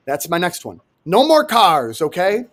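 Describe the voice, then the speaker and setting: A young man from New York co-hosting a casual comedic chat, animated and sarcastic, swearing freely. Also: high voice, measured pace. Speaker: podcast co-host.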